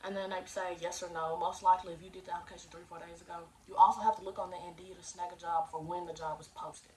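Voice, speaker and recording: A woman's voice: on the low side, little pitch movement, fast talker, darkish tone, recorded from a distance. A young woman giving casual, slangy job-search advice in a chatty way, acting out phone calls as she goes.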